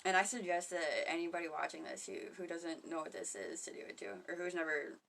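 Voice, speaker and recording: A woman talking casually to camera in a rambling, profane monologue about spirituality, often laughing and getting loud when she quotes others. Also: lowish voice, fairly quick, gravelly, distant mic, slight background noise. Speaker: spiritual vlogger.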